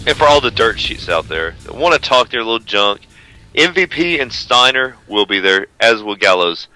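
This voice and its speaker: A man's voice: lowish voice, very animated, normal speed, sharp tone, soft background music, low-quality recording. A man co-hosting a wrestling radio show, talking in a brash, profane, rambling way. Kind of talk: casual uncensored radio banter.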